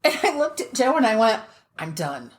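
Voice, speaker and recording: A woman's voice: high-pitched, fast talker. A woman co-hosting a podcast, telling a story in casual chat, blunt and swearing freely. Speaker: podcast co-host.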